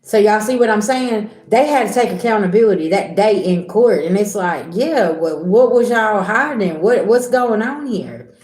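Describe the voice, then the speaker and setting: A woman's voice: mid-range voice, expressive, normal speed, few pauses, a little mellow, echoey room. A middle-aged woman giving a casual tarot reading, blunt and repetitive, talking straight to her viewers. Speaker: tarot reader.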